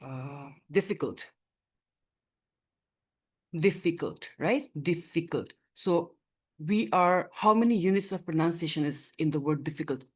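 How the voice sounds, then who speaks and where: A woman's voice: deep voice, moderate pace, darkish tone. A woman teaching a grammar lesson in class, explaining patiently and often checking that students follow. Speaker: English teacher.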